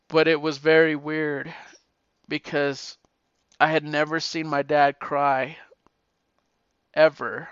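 A middle-aged man and podcaster giving a heartfelt, emotional message, halting and repeating his words, tearful at times. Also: fairly high pitch, a bit bright, clean tone, dry recording, muffled recording.

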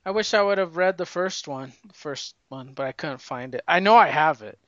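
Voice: mid-range voice, expressive, moderate pace, fairly bright tone, no echo, muffled recording. A podcast co-host in casual chat, teasing and laughing often.

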